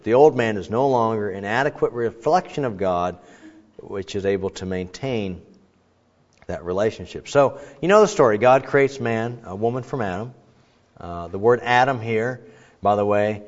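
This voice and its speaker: A male pastor gives a casual, humorous sermon, often pausing on fillers between points. His voice sits at an ordinary middle pitch. The recording sounds muffled and rings with the long reverb of a large church hall. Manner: chatty and joking, frequent fillers. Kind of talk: conversational sermon. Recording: echoey hall, dull sound.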